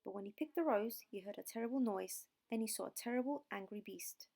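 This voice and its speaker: A woman narrating a fairy tale slowly and clearly for English learners. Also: medium pitch, dark tone. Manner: slow, deliberate reading. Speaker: audiobook narrator.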